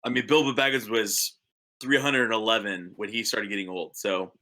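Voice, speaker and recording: A man chatting as a player in a tabletop game, excitable and often repeating himself. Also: fairly low pitch, moderate pace. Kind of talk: tabletop role-play chat.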